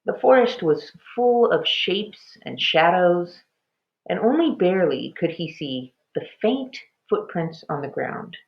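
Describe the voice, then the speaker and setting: A woman reading a children's chapter book aloud with expressive storytelling. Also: fairly low pitch, slow, gravelly. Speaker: storybook reader. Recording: dull lo-fi recording.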